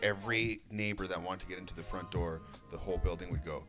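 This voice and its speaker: A man's voice: sits low, steady tone, quick pace, over music. A man co-hosting a podcast in casual chat, laid-back, giving short replies and laughing often. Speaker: podcast co-host.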